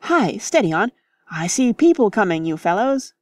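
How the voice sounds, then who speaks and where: A woman's voice: mid-range voice, sing-song, moderate pace, no room sound, lightly acted. A woman voicing a flustered middle-aged male country vicar, calling out fussing warnings. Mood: shouting.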